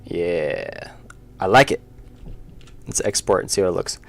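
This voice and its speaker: A man's voice: expressive, measured pace, gravelly, noisy background. A man, chatting casually on a livestream while he draws, often muttering to himself. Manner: low-key, mutters to himself while working. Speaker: indie game developer streaming. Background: faint background music.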